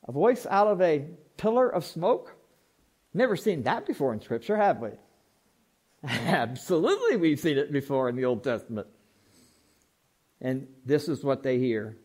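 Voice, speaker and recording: A man preaching a lively sermon, his voice sitting notably high. He swings between soft, hushed asides and loud, excited bursts, acting out the characters with humor. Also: a little slow. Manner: humorous, acts out Bible characters. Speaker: pastor.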